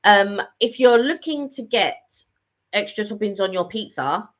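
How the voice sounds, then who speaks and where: A woman's voice: medium pitch, animated, unhurried. A middle-aged woman co-hosting a vlog, chatting casually and rambling with lots of fillers and restarts. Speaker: vlog co-host. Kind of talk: casual chat. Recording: slightly dull lo-fi audio.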